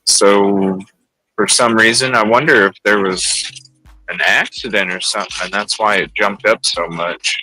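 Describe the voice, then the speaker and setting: Low-voiced man chatting while driving. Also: a little slow, dry recording, soft background music, rough recording. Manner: relaxed, rambling, thinks aloud. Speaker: livestream host. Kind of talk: casual chat while driving. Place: in a car in heavy rain.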